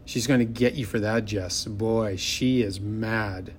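A man voicing a confident, friendly young schoolgirl who talks in a coaxing, lively way in a storybook reading. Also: lowish voice, slow, a little hiss or hum.

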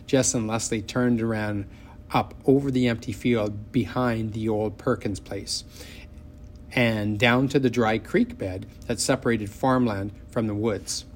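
Measured, expressive male audiobook narrator. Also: medium pitch, a little hiss or hum.

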